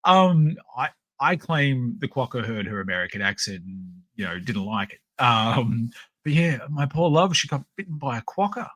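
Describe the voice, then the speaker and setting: Australian male podcast host, casual live-stream storyteller, mid pitch, dry room. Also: normal speed, no echo. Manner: rambling, animated storytelling with many fillers.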